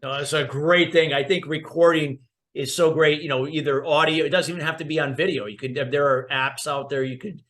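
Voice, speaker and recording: A man's voice: a little high, fairly even intonation, fairly quick, a bit bright. Affirming male interview host. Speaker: podcast host.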